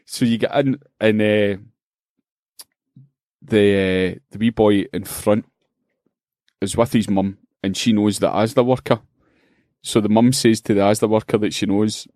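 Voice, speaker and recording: Animated, sweary Scottish man telling stories. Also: on the low side, a little slow, pauses often, no room sound, clean studio sound. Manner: animated storyteller, swears freely and acts out voices. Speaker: podcast co-host. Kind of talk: casual comedic chat.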